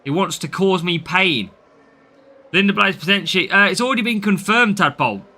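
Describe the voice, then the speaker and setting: Bright-voiced Midlands man streaming a game. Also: sits high, lively intonation, moderate pace. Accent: English Midlands. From English Midlands. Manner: chatty, reads out and answers viewer comments while playing. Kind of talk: live-stream game commentary.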